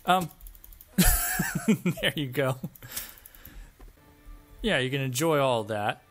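A man's voice: mid-range voice, lively intonation, slow, faint music behind. A man giving sarcastic, joking let's-play commentary, often laughing and swearing at the game. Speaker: gameplay commentator.

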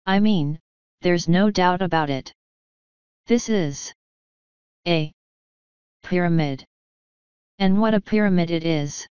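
A woman's voice: fairly low pitch, slow pace, pauses often, a little mellow, smooth, no room sound, highs cut off. A woman reading an audiobook, voicing a young king who is awkward, hesitant and eager to please. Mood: flustered. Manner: hesitant, fumbling, earnest.

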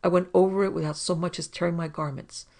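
A woman playing a grim, gravelly Afghan warrior. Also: on the high side, steady tone, fast talker. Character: fierce Afghan tribesman warrior, loyal and grim.

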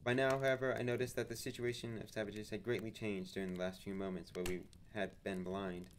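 Brief: man reading aloud, low voice, theatrical and expressive, faint noise behind. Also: fairly quick. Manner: expressive, theatrical, with occasional slips. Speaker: reader. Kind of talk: dramatic book reading.

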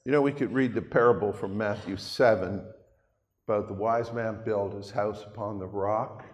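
In a church hall with long, echoing reverb, an older man from Canada delivers a sermon as the pastor, speaking in a folksy, conversational style peppered with asides to his listeners. His voice sits on the low side, with a steady tone and a normal pace.

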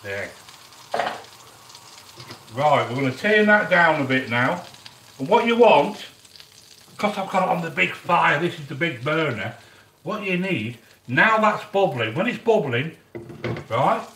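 A middle-aged man hosts a cooking live stream at the cooker in his home kitchen, chatting to viewers and giving shout-outs in a bright, lively, swooping voice of fairly high pitch. He speaks unhurriedly with long pauses. The distant mic catches an echoey room, the quiet sizzle of frying, and a little hiss or hum.

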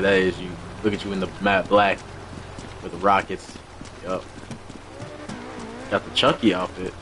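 A young man hosts a live car meet stream in an easy, excitable way, repeating short commands and breaking into quick laughs. His pitch sits in the middle range for a man. Faint noise hums under the recording. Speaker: livestream host running a car meet. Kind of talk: casual live game commentary.

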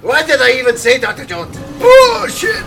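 A man giving casual gameplay commentary, excitable and swearing, with sudden shouts and laughs. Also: high voice, a little slow, distant mic, a little hiss or hum, low-quality recording. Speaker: gaming video host.

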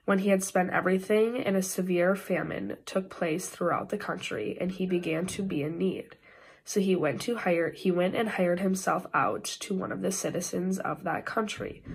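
A woman's voice: medium pitch, gravelly, husky. A woman reading a scripture passage aloud during a worship service, with the occasional stumble and restart, and a Midwestern American accent. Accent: Upper Midwest American. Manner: careful reading with frequent slips and restarts. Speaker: scripture reader.

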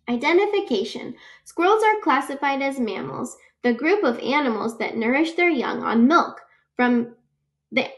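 A woman reading a children's picture book aloud, patiently explaining facts and adding personal asides. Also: on the high side. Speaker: read-aloud reader.

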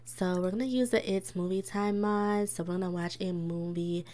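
Her voice is fairly low and warm, fairly even in intonation, at a normal speed. She's a young gaming YouTuber casually commenting on a life-sim game, giggling often and reacting aloud to her characters.

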